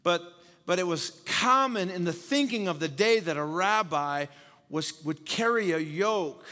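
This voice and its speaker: A male pastor preaches with emphasis, often repeating key phrases and tossing questions out to his listeners. His voice sits fairly high for a man. A long reverb trails every line, as in a large hall. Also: animated, unhurried, sharp tone. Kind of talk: sermon.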